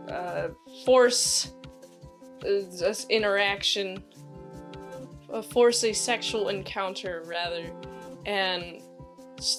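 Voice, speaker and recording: A young woman recaps a TV episode in a loose, filler-heavy ramble, often talking back to the characters. Her voice sits fairly high and she takes her time. Soft music plays faintly in the background. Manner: enthusiastic, talks back to the characters. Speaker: series reviewer. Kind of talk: casual spoken review.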